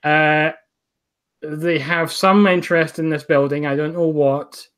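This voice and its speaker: A man playing a tabletop role-playing game, speaking hesitantly with many pauses. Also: fairly high pitch, little pitch movement, fairly bright tone, clean tone. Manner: hesitant, halting. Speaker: player. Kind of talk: casual tabletop role-play chat.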